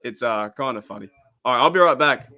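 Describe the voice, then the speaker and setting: A man's voice: mid-range voice, expressive, fast talker, sharp tone. A man from Australia with an Australian accent, hosting a live stream and chatting casually in a rambling way, often laughing.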